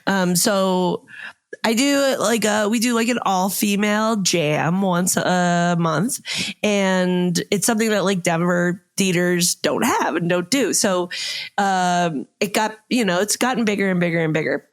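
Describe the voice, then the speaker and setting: A woman's voice: lowish voice, unhurried. A woman, an improv performer co-hosting a podcast, telling a story in a chatty, filler-heavy way. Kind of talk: casual storytelling.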